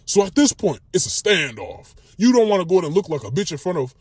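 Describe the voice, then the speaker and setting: A young man from Minnesota delivers a slangy, profane comedy monologue, his pitch high and swinging widely. His voice is husky and recorded close and dry. Faint music plays underneath. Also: sing-song, a little fast, dry recording. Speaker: comedic YouTuber.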